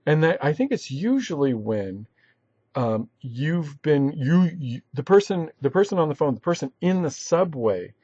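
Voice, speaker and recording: Halting, husky-voiced male instructor. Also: fairly high pitch, very animated, mellow, no room sound, dull audio. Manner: halting, many restarts and fillers. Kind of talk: recorded online lecture.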